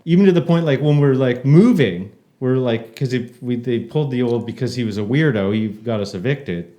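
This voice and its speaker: A man's voice: mid-range voice, brisk, warm tone. A man co-hosting a podcast, telling stories in an easygoing, amused way during casual chat. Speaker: podcast co-host.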